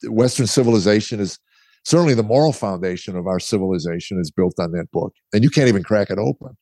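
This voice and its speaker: A man's voice: on the low side, lively intonation, fast talker, dark tone, dry recording. A middle-aged man, a guest author, telling his story candidly in conversation and acting out the dialogue he quotes. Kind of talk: interview storytelling.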